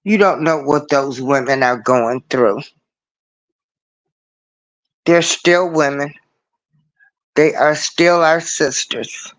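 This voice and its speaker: A man hosts a casual livestream in an unhurried, deliberate way, leaning on each phrase and circling back to his points. His voice sits a little high for a man. The sound is plain computer-mic audio with nothing behind it. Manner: earnest, preachy, repeats his points. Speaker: livestream show host.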